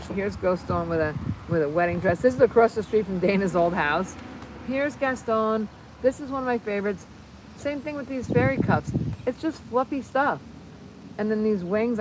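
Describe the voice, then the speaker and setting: A woman in her fifties hosts a casual livestream, reading viewer comments in a rambling, excitable way with plenty of fillers and restarts. Her voice is on the low side, and there's background noise.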